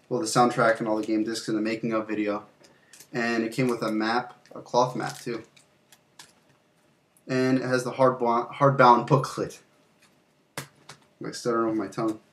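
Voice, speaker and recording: A young man presents games from his collection in a casual, meandering video, dropping fillers and some mild swearing. As the channel host, he speaks at medium pitch with a fairly bright tone, and the audio has a little hiss or hum.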